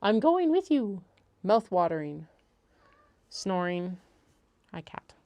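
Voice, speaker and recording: A woman's voice: medium pitch, big pitch swings, takes it slowly, dark tone. A woman chatting casually on a livestream, rambling and laughing often. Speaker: craft business owner.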